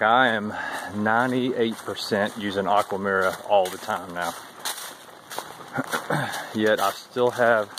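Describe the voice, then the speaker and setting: A man with a drawl talks in a lowish voice as he walks a wooded trail, thinking out loud with a wry, chatty ease. A faint wash of outdoor ambience sits under his voice. It is an informal walking vlog filmed on a handheld camera. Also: noisy background. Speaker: thru-hiker vlogger.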